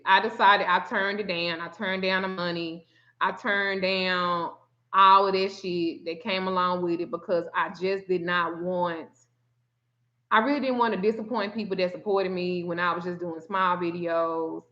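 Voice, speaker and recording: A woman telling a story in a casual chat, animated and profane, often acting out the quotes. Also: on the low side, normal speed. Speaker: spiritual reader and vlogger. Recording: muffled lo-fi sound.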